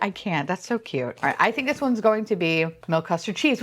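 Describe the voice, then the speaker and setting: A woman chats through a toy unboxing in a casual, gushing way. Her pitch swoops up and down, and she squeals and curses as each box opens. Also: sing-song, normal speed, slight background noise. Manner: gushing, squeals and swears often. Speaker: unboxing vlogger.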